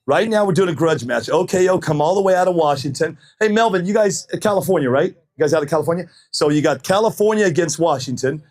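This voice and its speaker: A man with a slightly high voice calls drag races on a live stream from an outdoor track, talking fast and animatedly with few pauses. He jokes, chats and shouts loudly to the crowd, sounding a bit out of breath. He wears a wireless body mic, and the recording is dry and studio quality.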